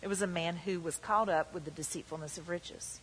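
Woman, pastor, emphatic sermon, breathy voice, long church reverb. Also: on the low side, steady tone, brisk, fairly bright tone. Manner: emphatic preaching, voices the tempter's lines in quotes. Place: church hall.

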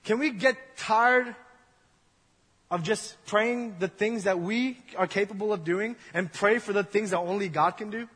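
A young man gives a sermon in a church hall, keeping it casual and joking as he tells stories and acts out little scenes and voices. His high voice sounds bright and slightly husky, and he speaks at a measured pace. Long reverb rings off the hall's walls.

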